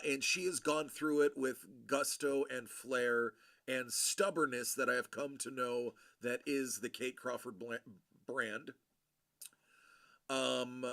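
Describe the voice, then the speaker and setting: A man hosting a livestream, chatting casually with viewers in a rambling, friendly way full of fillers and shout-outs. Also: mid-range voice. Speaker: livestream host.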